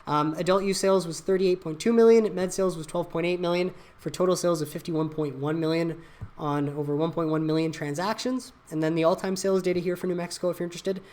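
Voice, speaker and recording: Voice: medium pitch, fairly even intonation, fast talker, a little mellow. Blunt, opinionated market news host. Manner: blunt, opinionated, reads headlines aloud with asides. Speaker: channel host. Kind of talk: casual market news commentary.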